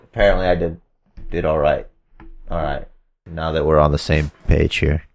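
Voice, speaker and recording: A man's voice: rumbling low, fairly even intonation, normal speed, gravelly, a little hiss or hum. A man co-hosting a fantasy wrestling booking podcast, explaining things in a casual, rambling way with some swearing. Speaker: podcast co-host.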